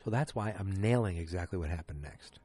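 A man casually recapping a TV episode, rambling and animated, with chatty asides to viewers. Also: low voice, fairly quick, breathy edge, no room sound.

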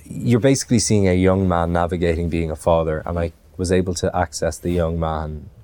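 A man's voice: sits low, fairly even intonation, brisk, warm tone. A man from Ireland, an actor, answering interview questions in a thoughtful way, with many restarts and fillers.

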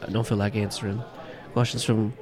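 A man's voice: lowish voice, level tone, a little fast, a little mellow, lightly acted. A man doing a cheeky bartender. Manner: gruff, cheeky, swearing. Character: brash Irish bartender, man in early thirties.

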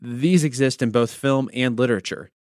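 Pastor telling a story, dry sound. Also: male voice, medium pitch, normal speed, no echo. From United States. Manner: conversational storytelling with wry asides. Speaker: pastor and podcast host. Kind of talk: devotional podcast teaching.

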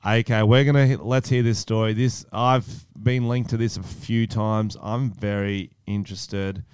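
On a casual comedy podcast, a young co-host reads out news stories with sarcasm, swearing and frequent laughs. His voice is on the low side, darkish, clear and resonant, delivered at a measured pace with fairly even intonation and no echo.

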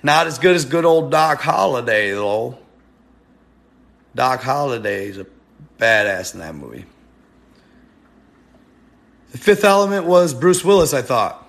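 A man's voice: mid-range voice, sing-song, measured pace, creaky, pauses often, fairly bright tone. A young man rambling casually to his viewers in a live stream, slangy and laughing often.

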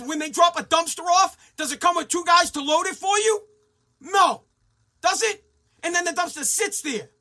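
A man's voice: very high voice, bright, forceful tone. A man hosting a talk show, ranting angrily and sarcastically, mocking people in put-on voices. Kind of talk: profane rant.

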